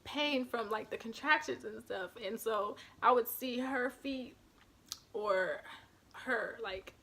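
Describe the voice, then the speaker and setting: A woman's voice: fairly high pitch, takes it slowly, gravelly, sharp tone, breathy edge. A young woman vlogger telling a personal story to her camera, emotional and close to tears, with lots of fillers. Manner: emotional, often near tears, with many fillers. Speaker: beauty vlogger.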